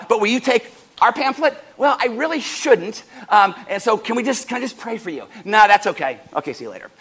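Male pastor mid-sermon; high, bright voice, playful, acts out short exchanges. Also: breathy edge. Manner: animated, swings up and down in pitch and loudness; jokey, acts out doorstep conversations in little voices. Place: church service.

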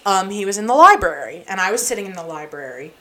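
A woman's voice: mid-range voice, sing-song, quick pace, sharp tone. A young woman co-hosting a podcast, telling a long story in a rambling, casual way full of "like" and "um". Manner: rambling, filler-heavy storytelling with lots of "like". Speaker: podcast co-host.

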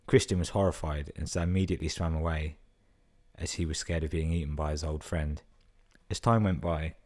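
Deep-voiced man reading listener stories. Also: warm tone. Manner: crude, swears a lot, laughs at jokes. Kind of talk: casual reading and chat. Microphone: podcast microphone.

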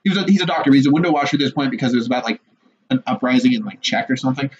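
A young man co-hosting a podcast in casual chat, animated and swearing a lot, laughing often. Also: mid-range voice, racing. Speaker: podcast co-host. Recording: muffled lo-fi audio with faint noise.

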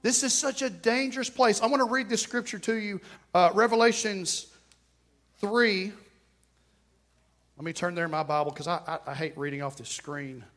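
A man with a notably high speaking voice preaches in church. His delivery is fervent yet conversational. He drops into quiet, joking asides with the congregation, then rises into loud exclamations. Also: normal speed, long pauses. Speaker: pastor. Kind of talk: sermon.

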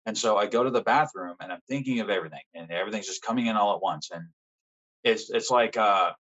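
A young man as a podcast guest, frankly telling a personal story in casual conversation, swearing often and pausing with fillers. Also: fairly low pitch, fairly bright tone, muffled recording.

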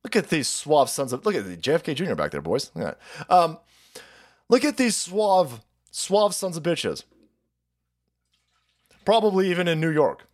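Brief: male stream host, high voice with wild pitch swings, profane mocking political rant. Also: very animated, moderate pace, long pauses. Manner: loud, profane, mocking, swings between shouts and mutters. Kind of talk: ranting live-stream commentary.

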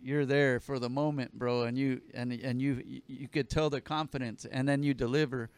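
A man's voice: mid-range voice, fairly even intonation, normal speed, smooth, dry recording. A man hosting a podcast, asking long rambling questions in a laid-back, profane way. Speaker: podcast host. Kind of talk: casual podcast interview.

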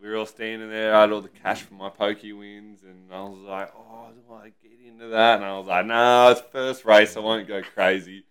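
Relaxed Australian man swapping racing stories. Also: lowish voice, moderate pace, few pauses, smooth. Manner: relaxed, swears, laughs while telling stories. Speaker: podcast co-host. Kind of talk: casual chat.

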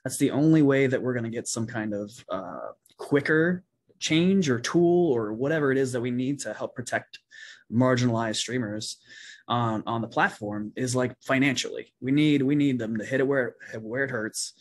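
A male podcast host with a husky edge to his voice, talking earnestly in a relaxed chat. He works his thoughts out aloud and hedges them with small fillers. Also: medium pitch, normal speed. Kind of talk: casual podcast conversation.

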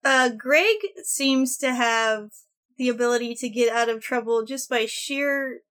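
A woman's voice: on the high side, steady tone, measured pace, fairly bright tone, clean tone. A woman co-hosting a podcast, chatting casually and retelling scenes. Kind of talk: casual discussion.

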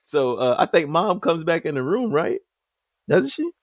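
A young man co-hosting a podcast, telling a childhood story in a lively, profane, casual way. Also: on the high side, normal speed, dry recording. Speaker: podcast co-host.

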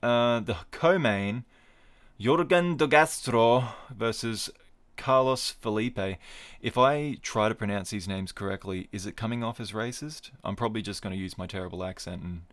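Male podcast host, lower voice, dry jokey tangents while he runs through results. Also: moderate pace, a bit bright. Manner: wry, digressive, jokey asides. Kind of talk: casual solo podcast commentary.

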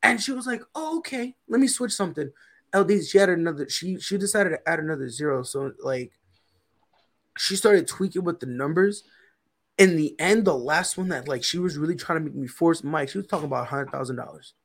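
A man's voice: fairly high pitch, animated, brisk. A man co-hosting a podcast, telling a story in a casual, slangy way and often repeating himself. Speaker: podcast co-host.

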